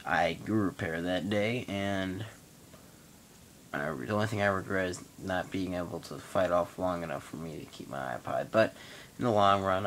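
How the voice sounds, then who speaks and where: A young man in his late teens with a notably deep, low voice hosts his own vlog. He tells a personal story in a loose, rambling way, stating things matter-of-factly and stopping now and then to find his words. A faint rumble sits under the recording. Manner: rambling, matter-of-fact retelling with pauses. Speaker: vlog host. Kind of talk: casual monologue storytelling.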